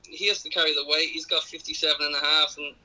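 A man with an Irish accent calls in to give his racing tips, his voice very bright and a little high. He talks through the form methodically, with plenty of ums along the way. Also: flat delivery, quick pace, rough recording. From Ireland. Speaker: caller giving racing tips. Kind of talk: phone-in tips on a sports radio show.

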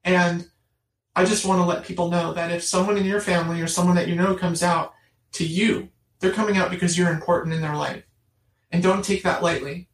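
A middle-aged woman telling her personal story in an interview, earnest and emphatic, repeating phrases for stress. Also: lowish voice. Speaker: guest. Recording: roomy, distant mic.

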